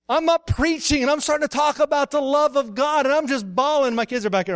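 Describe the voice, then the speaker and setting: A man's voice: very high-pitched, expressive, fairly quick, few pauses, no room sound. A middle-aged man preaching a sermon, telling stories with laughter and ending in an emotional prayer.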